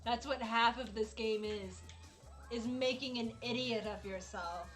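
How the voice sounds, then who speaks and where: A woman streaming a game from her home setup, talking in a slow, drawn-out way with a slightly high voice. She is dramatic and exasperated, laughing often, and faint game music plays behind her. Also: fairly bright tone. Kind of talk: casual live-stream chat while gaming.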